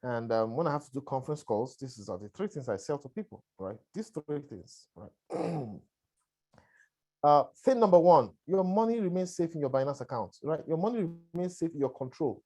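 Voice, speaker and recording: A man with a lingering cough presents a webinar on a conference call in a conversational, repetitive way, regularly checking in with listeners using "all right" and "right." His voice is fairly high and expressive, with a dark tone, at a normal speed.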